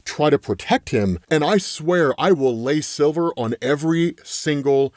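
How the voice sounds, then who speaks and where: A man's voice: on the high side, expressive, unhurried, a little mellow, dry recording, clean studio sound. A man reading a grim vengeful old gunman.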